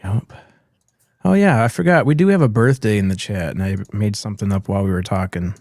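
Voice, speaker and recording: A man's voice: lowish voice, a little fast, darkish tone, no echo. A man hosting a casual podcast, joking around and reading chat comments aloud. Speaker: host.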